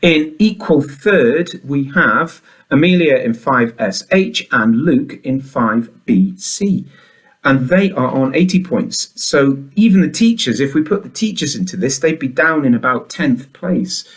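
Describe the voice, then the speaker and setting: A man's voice: mid-range voice, expressive, measured pace. A man hosting a school announcements show, upbeat and chatty, full of enthusiasm.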